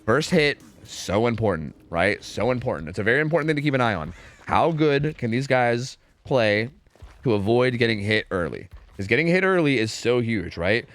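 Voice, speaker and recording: A man's voice: mid-range voice, animated, moderate pace, fairly bright tone. A young man casting esports scrims live on stream, profane and trash-talking as he commentates.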